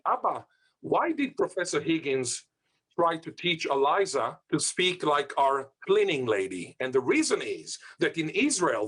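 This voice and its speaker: A man's voice: fairly high pitch, a bit bright, breathy edge. A man giving a scholarly lecture as a linguist, with playful asides and recorded over a video call.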